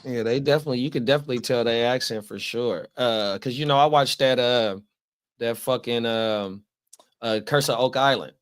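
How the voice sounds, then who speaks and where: A man's voice: medium pitch, normal speed, clean tone. A man co-hosting a podcast, chatting in a laid-back way and reading out viewer comments. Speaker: co-host. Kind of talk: casual chat.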